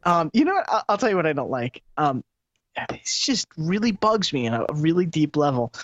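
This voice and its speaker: A man's voice: fairly high pitch, moderate pace, no room sound. A man co-hosting a casual late-night tech talk show. He rambles and laughs as he tells stories, with lots of restarts. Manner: rambling, laughing, animated storytelling. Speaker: co-host. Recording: dull lo-fi live stream audio.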